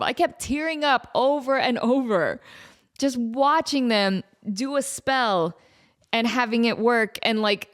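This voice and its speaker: A woman in her thirties hosting her own podcast, talking casually with frequent laughs and fillers. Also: mid-range voice. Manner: chatty, laughing, lots of fillers. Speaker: podcast host. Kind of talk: casual chat.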